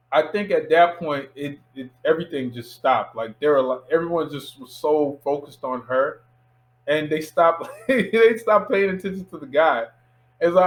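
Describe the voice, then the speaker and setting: A man in his thirties from Miami, a filmmaker guest telling a lively anecdote in a casual interview and acting out the voices of people in it. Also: fairly high pitch, low-quality recording. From Miami, USA. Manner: animated anecdote teller who acts out quoted voices.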